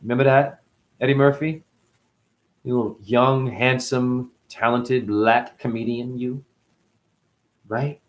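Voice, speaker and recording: A man's voice: fairly even intonation, takes it slowly, pauses often. A man in his forties hosting a rambling, profane livestream talk. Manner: profane, rambling, jumpy pitch swings. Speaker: host.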